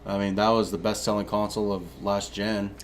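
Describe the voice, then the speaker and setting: A man's voice: lowish voice, little pitch movement, brisk, slight background noise. A young man co-hosting a gaming news chat, laid-back and blunt, swearing freely. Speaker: co-host.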